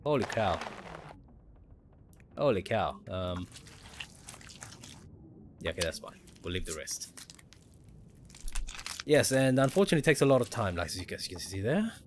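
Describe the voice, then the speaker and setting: Gaming streamer, male, lively up-and-down delivery, explains mechanics as he plays, faint noise underneath. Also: low voice, moderate pace, pauses often. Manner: thinks aloud, explains mechanics to viewers. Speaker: gaming livestreamer. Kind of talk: casual gameplay commentary.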